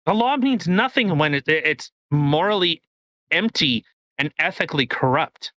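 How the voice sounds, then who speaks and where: A man co-hosting a podcast in casual chat, ranting in an animated, profane way. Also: fairly high pitch, normal speed, dry recording. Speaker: podcast co-host.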